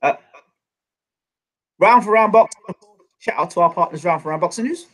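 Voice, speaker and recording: A man hosting a casual sports livestream, eager and rambling as he gives shout-outs. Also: high-pitched, normal speed. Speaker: livestream host.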